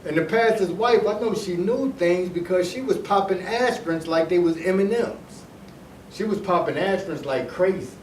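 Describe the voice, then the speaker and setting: A man's voice: sits high, moderate pace, a little mellow, distant mic. A middle-aged man from Detroit telling a personal story in a casual, rambling way, often repeating himself and restarting his sentences. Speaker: storyteller recounting his past. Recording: echoey room, voice heard from off the mic, faint noise.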